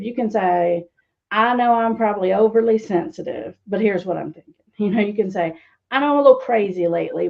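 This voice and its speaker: Gravelly, teasing woman recovery coach. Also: mid-range voice, warm tone, lo-fi sound. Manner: teasing, sarcastic, laughs often. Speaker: guest speaker, addiction recovery coach. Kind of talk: interview answers.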